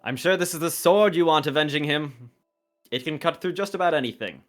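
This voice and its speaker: A man's voice: on the high side, brisk, lightly acted. A man voicing a demon warrior in humanoid form who talks in a sarcastic, mocking way. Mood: taunting. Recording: faint music behind.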